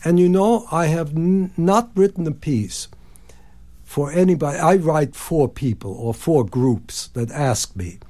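A man's voice: fairly high pitch, measured pace. A man in his nineties, a composer, telling anecdotes in a radio interview and acting out the people he quotes. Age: 90s. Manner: animated anecdotes, sings phrases and acts out quotes. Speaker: composer guest. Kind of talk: storytelling interview.

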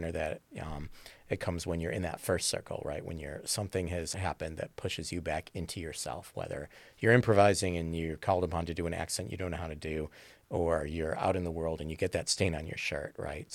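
A man's voice: low-pitched, creaky, no echo. A man who teaches improv, talking thoughtfully in an interview, often checking in with "right?". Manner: thoughtful, rambling with fillers and "right?" tags. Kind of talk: conversational interview.

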